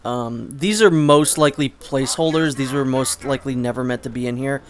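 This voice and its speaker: A man's voice: mid-range voice, fairly quick. Chatty man rambling over gameplay. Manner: rambling and chatty, with frequent restarts and sudden swearing. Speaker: let's play host. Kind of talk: casual gameplay commentary.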